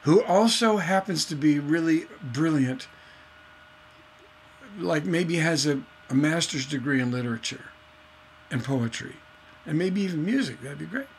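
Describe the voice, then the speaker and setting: A man teaching songwriting in a casual, animated way, acting out scenes as he talks. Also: fairly high pitch, measured pace, pauses often, slight background noise. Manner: animated storytelling, acts out voices. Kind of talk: casual instructional talk.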